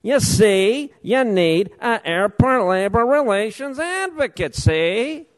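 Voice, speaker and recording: A tough, menacing mobster voice with a mocking gangster drawl, put on by a man. It comes out slow and pitched lower than his own speech. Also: animated. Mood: mocking menace. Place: council chamber.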